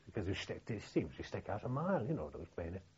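An older man with a Liverpool accent tells his memories haltingly, with frequent restarts and fillers. His voice sits low and sounds husky. The recording is dull and lo-fi. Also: sing-song, a little mellow. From Liverpool, England. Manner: halting, many restarts and fillers, plain-spoken. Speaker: veteran interviewee. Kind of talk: oral history recollection.

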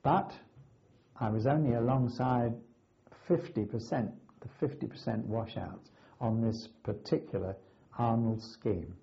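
An older man earnestly recounting his wartime flight training, with dramatic pauses. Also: medium pitch, vocal fry. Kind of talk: oral history recollection. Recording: slightly dull lo-fi recording.

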